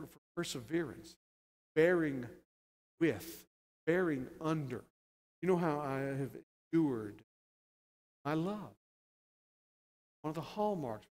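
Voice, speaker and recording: A man preaching a sermon as pastor, building to loud, emphatic, stressed phrases. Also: a little high. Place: church sanctuary. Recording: long church reverb.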